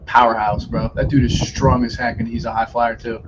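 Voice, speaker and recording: A man's voice: mid-range voice, little pitch movement, brisk, dull audio, a crowd in the background. A man co-hosting a podcast in casual chat. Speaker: podcast co-host.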